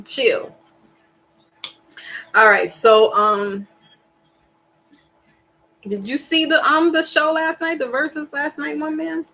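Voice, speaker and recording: A woman hosting a casual live stream, rambling in an animated, slangy, emphatic way, with sighs and laughs. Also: high-pitched, slow, pauses often, rough recording. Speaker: tarot reader and live stream host.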